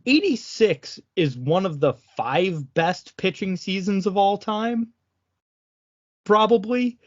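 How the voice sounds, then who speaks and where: A man's voice: high voice, animated, slow. A man co-hosting a casual sports podcast, opinionated and saying "like" often. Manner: opinionated, uses "like" a lot. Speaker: podcast co-host. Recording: dull lo-fi recording.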